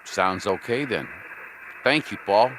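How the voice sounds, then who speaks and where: A man's voice: on the low side, animated, slow. A man hosting a casual livestream while running a radio station, chatting in a folksy way and asking viewers for feedback. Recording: noisy room with radio static.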